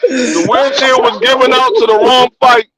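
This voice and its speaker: A man co-hosting a podcast, talking boxing in animated, profane casual chat and repeating his punchlines. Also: very high voice, moderate pace, a loud crowd, poor audio. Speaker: podcast co-host.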